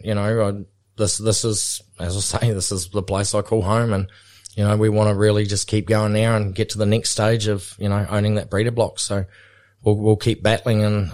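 Laid-back Kiwi man, low and flat. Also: smooth. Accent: New Zealand. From New Zealand. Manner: laid-back, rambling with many fillers. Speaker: guest, bull catcher and helicopter pilot. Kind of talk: podcast interview.

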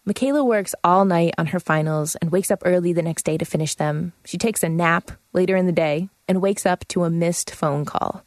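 A woman narrating a radio feature in a measured, matter-of-fact scripted way. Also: on the low side, dry recording.

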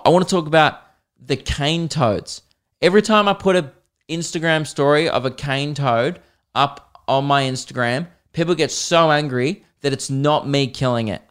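Australian man, comedian, casual monologue, swears a lot, excitable, smooth resonant voice. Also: mid-range voice. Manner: rambling, profane storytelling; self-interrupting, excitable. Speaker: comedian host.

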